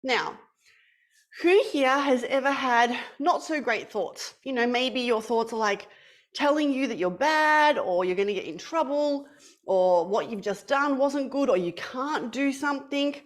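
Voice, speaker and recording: A playful young woman with a bright, high voice, leading an online class for kids. She tells a story in a lively, sing-song way, the way a teacher talks to children on a webcam. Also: a little slow.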